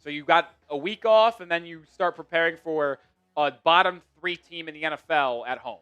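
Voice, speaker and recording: A man with a New York accent hosting a live sports stream, chatting excitably and swinging from mumbles to shouts. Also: a little high, normal speed, clear, resonant tone, muffled recording, soft background music. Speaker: sports show host.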